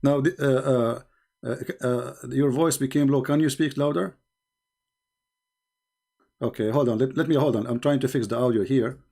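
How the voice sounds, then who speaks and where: A man's voice: mid-range voice, moderate pace, pauses often, warm tone. A man hosting a heated live debate over a video call, combative and repetitive, with broken grammar. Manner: combative, repeats phrases, non-native grammar. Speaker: host.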